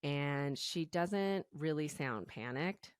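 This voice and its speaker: Low-voiced woman retelling a crime casually. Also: takes it slowly, smooth, no echo, clean studio sound. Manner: chatty, storytelling with fillers like "you know". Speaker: podcast co-host. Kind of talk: casual true-crime chat.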